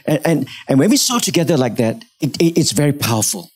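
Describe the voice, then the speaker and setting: Guy preaching in church, really lively pitch, kinda husky, dry close sound. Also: quick pace. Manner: animated storytelling, acts out the people in his story. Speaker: pastor. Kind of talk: sermon.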